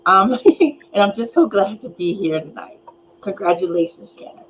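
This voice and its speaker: A woman's voice: medium pitch, animated, moderate pace, fairly bright tone, slight background noise, rough recording. A woman on a video call who is losing her voice, introducing herself playfully. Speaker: panel guest. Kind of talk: casual chat.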